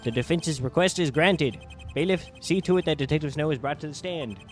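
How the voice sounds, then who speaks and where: A man's voice: a little high, a little fast, lightly acted. A man voicing a formal, impatient male judge, over faint game music. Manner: formal, clipped rulings.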